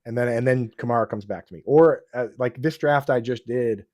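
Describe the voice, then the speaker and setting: A podcast host, this excitable man has a warm, mellow, medium-pitched voice and talks a little fast through a casual fantasy football chat. He keeps restarting sentences and tosses in "dude" and "bro." The recording is dry and close with no echo.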